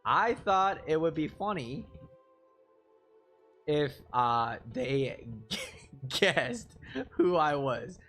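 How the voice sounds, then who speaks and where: Medium in pitch and a bit bright, this man's voice carries a live-streamed story that wanders and mocks himself, with plenty of fillers. He chuckles frequently between phrases as faint music plays in the background.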